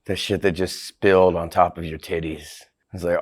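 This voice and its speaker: A man's voice: low voice, takes it slowly, long pauses, darkish tone. A man hosting a crude comedic cooking vlog, brash and profane, laughing often. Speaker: host.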